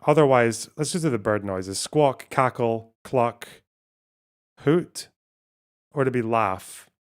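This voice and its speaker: A man's voice: mid-range voice, slow pace, clean tone. A man streaming live, thinking aloud as he plays a word puzzle, swearing often and talking to his chat. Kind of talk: casual live-stream talk while playing a word puzzle.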